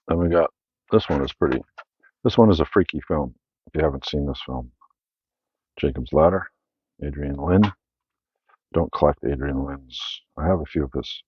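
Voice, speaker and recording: A man's voice: extremely low pitch, normal speed, long pauses, slightly rough, no echo, highs cut off. A Canadian man hosting his own channel, casually rambling through his film collection with many fillers and self-corrections.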